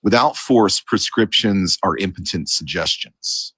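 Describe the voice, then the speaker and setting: A man in a casual philosophical debate, talking in an assertive, lecturing way and quick to correct others. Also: sits low, a bit bright, breathy edge, dry recording. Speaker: debate panelist.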